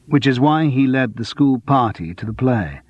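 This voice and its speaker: Man as a cool, persistent questioner, husky, lively pitch, dull dry sound. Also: moderate pace, dry recording, lightly acted. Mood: probing. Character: calm probing man, quietly insistent investigator. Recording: dull lo-fi dry audiobook recording.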